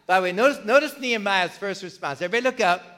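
A pastor with a high, bright male voice delivers a sermon casually and conversationally, racing along with lively intonation. He repeatedly poses questions to the congregation and trips over repeated words, while the long reverb of a church hall rings around him.

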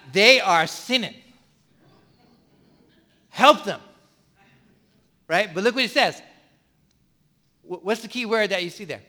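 A man's voice: high voice, bright, forceful tone. A middle-aged man preaching a sermon earnestly, often repeating phrases and restarting his words. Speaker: pastor.

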